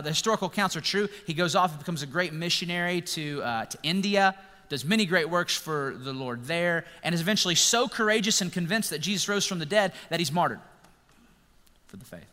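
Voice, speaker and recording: Bright-voiced man preaching in a reverberant hall. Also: on the high side, a little fast. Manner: conversational, playful, animated storytelling. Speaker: pastor. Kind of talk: sermon.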